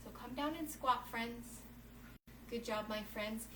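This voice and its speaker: Here a woman's fairly high, somewhat bright voice moves at a slow pace as she reads a story and leads children through yoga poses at home. Calling the kids "friends," she stays cheerful and encouraging. A faraway mic makes the room audible, adding faint ambience and a little hiss or hum.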